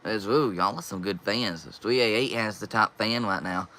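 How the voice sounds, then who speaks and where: A man's voice: fairly low pitch, normal speed, pushed and bright. A young man hosting a casual live stream, reading viewer comments aloud and answering them.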